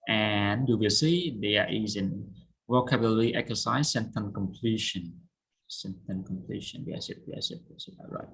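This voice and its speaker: A man's voice: fairly low pitch, creaky, fairly bright tone, slightly rough, poor audio. Man, Cambodian accent, English teacher, online lesson, patient, drills pronunciation. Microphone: video call.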